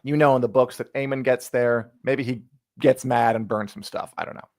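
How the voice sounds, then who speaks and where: A man's voice: mid-range voice, fairly even intonation, moderate pace, no echo. A man co-hosting a casual chat show, dry and wry, with sarcastic asides. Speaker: podcast co-host.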